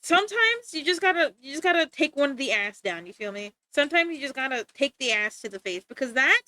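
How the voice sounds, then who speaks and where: A woman's voice: high voice, very animated, fast talker, bright, forceful tone. A woman streaming live while she draws, chatting casually and playfully, giggling and making exaggerated complaints.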